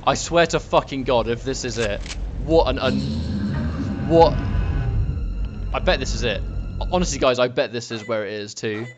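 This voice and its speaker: Swearing gamer over loud music. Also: male voice, medium pitch, expressive, unhurried. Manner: frustrated, swearing, talks to viewers. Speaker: let's play gamer. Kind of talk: casual gameplay commentary. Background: game music.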